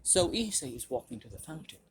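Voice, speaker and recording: Halting young man retelling a story. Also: a little high, very animated. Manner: halting, restarts, clears throat often. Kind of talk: casual fan-story retelling. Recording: noisy home recording.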